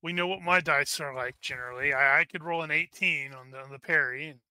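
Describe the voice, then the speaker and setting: A man's voice: on the high side, brisk, bright, forceful tone, clean tone. A man running a tabletop combat as game master, methodically narrating dice rolls aloud.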